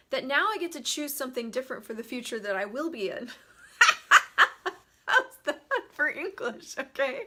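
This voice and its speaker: Bright-voiced animated woman hosting live. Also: a little high. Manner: animated, greets viewers by name while talking. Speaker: host of a live money talk. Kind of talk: casual live-stream talk.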